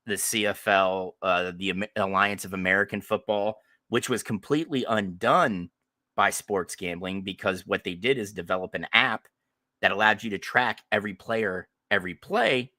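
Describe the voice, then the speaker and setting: A man hosting a casual sports podcast, talking forcefully with sarcastic asides. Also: fairly low pitch, moderate pace, no room sound, studio quality. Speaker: podcast host.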